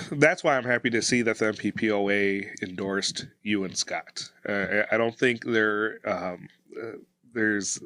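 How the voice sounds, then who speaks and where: A man with a lowish but bright, forward voice co-hosts a casual talk show. He pauses and restarts often, dotting his speech with fillers. The sound is dry and close. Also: no room sound. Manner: halting, with many fillers. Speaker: podcast co-host, police officer. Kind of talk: casual podcast chat.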